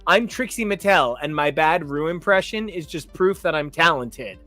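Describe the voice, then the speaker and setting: A man's voice: on the high side, lively intonation, normal speed, sharp tone, soft background music. Sarcastic, blunt male podcast co-host. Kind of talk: casual chat.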